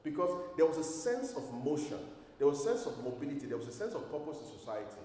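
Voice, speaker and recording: A man's voice: fairly high pitch, sing-song, quick pace, dark tone. A man preaching a sermon to his congregation, emphatic, full of rhetorical questions. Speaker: pastor. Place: church hall. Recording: echoey hall from far off.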